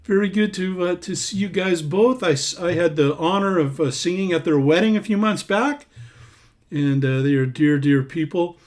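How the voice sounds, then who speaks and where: A man's voice: high-pitched, normal speed. Chatty man greeting livestream viewers. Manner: warm, rambling, reads names aloud while scrolling comments. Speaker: singer-songwriter hosting a livestream.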